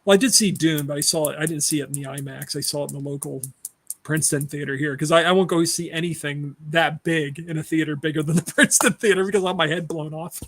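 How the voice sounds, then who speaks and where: A man's voice: fairly high pitch, steady tone, fast talker, a bit bright, no echo. A man co-hosting a casual movie podcast, blunt and opinionated and laughing often. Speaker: podcast co-host.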